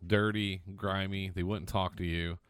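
A man with a very low voice co-hosts a casual podcast and rambles through personal stories. He often stops and restarts his sentences as he goes. The recording is close and dry. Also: level tone, unhurried, fairly bright tone, clear, resonant tone, no echo. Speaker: podcast co-host. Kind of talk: casual chat, storytelling.

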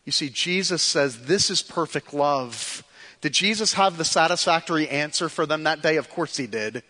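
A man preaching a sermon to his church, passionate, swinging from hushed pleas to forceful declarations. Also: fairly high pitch, animated, normal speed, in a large hall. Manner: impassioned, shifts between soft hushed pleas and rising forceful declarations. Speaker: pastor. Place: church sanctuary.

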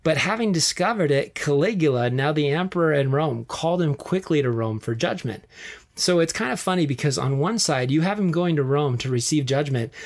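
A man hosts a casual podcast, spinning Bible history as a lively story. His voice sits a touch higher than most men's, and he laughs easily as he goes. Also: a little fast. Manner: animated storyteller, laughs often, acts out quotes. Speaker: podcast host.

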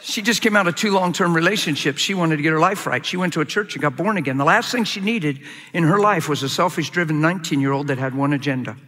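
A middle-aged male pastor preaching a sermon, telling stories with animated acted-out quotes. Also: fairly high pitch, fast talker. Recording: long hall reverb.

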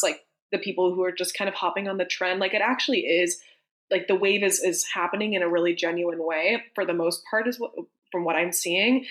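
A woman co-hosting a group call, talking in a casual, enthusiastic way and laughing often. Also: mid-range voice.

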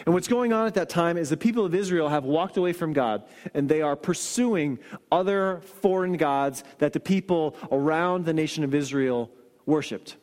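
A man delivers a sermon with a notably high voice. He tells stories animatedly and sinks into quiet earnest emphasis. His voice rings with long reverb from a large hall. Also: normal speed. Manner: storytelling, shifts into quoted voices and soft emphatic lines. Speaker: pastor.

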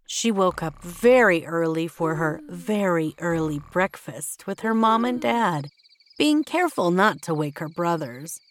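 A woman's voice: fairly low pitch, expressive, unhurried. A woman reading a children's storybook aloud, with playful asides to the listener. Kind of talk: scripted storybook narration.

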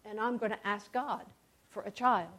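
A woman's voice: medium pitch, fairly even intonation, normal speed, fairly bright tone. Earnest yearning woman, as a storyteller voices her. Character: devoted, yearning woman longing for a child. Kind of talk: storytelling aloud.

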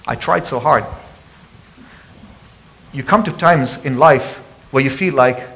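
A man preaching a sermon as pastor, passionate and calling out to the congregation for responses, often rising loud and high for emphasis. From abroad. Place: church sanctuary.

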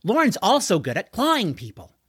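Storybook role: man voicing a stubborn young boy on a quest, grand heroic phrasing, lifted pitch, dry close sound. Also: huge pitch swings, normal speed, fairly bright tone, slightly rough, dry recording, exaggerated voice. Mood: earnest. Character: earnest twelve-year-old boy on a quest, solemn and stubborn. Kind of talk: storybook reading.

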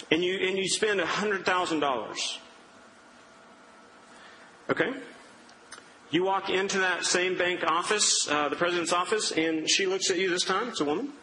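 A young preacher with a drawl talks through his sermon like a story, his voice bright and fairly high for a man. His words ring out in a large hall with a long echo and faint room noise behind him. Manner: conversational, storytelling with acted-out quotes. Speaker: pastor. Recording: reverberant hall with faint ambience.

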